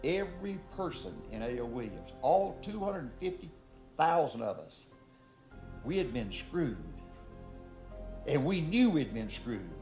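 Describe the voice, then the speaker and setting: Older guy preaching motivation, kinda high voice, folksy, gets loud, faint music behind. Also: very animated, a little slow. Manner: folksy, emphatic, rising to shouts. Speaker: motivational speaker. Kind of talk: motivational speech. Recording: speech with music underneath.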